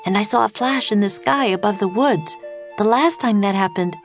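A woman voicing an eager, adventurous young girl in an audiobook, talking excitedly. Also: medium pitch, normal speed, soft background music, pitched above the performer's own voice, lightly acted. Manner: excited, breathless. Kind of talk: audiobook character voice.

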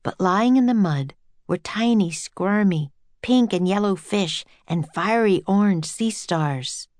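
A woman narrating a children's adventure audiobook in a clear storytelling voice. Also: mid-range voice, lively intonation, takes it slowly, darkish tone, no echo.

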